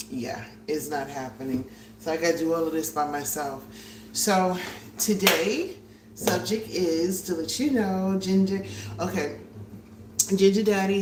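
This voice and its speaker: A woman hosting a casual cooking livestream from her home kitchen, chatty and a bit out of breath, greeting viewers as she works. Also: low voice. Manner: chatty, greets viewers by name, frequent fillers. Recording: roomy, distant, faint hiss.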